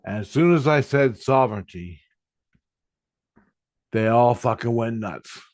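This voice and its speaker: A man's voice: mid-range voice, expressive, unhurried, a little mellow, no echo, studio quality. A man telling a spiritual experience in a casual monologue, in an agitated and profane way. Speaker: vlogger.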